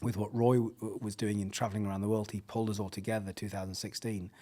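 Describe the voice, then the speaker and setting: Husky English man telling a story. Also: fairly low pitch, quick pace. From England. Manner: animated, laughs often, acts out quoted voices. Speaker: podcast guest, pastor. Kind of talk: casual storytelling.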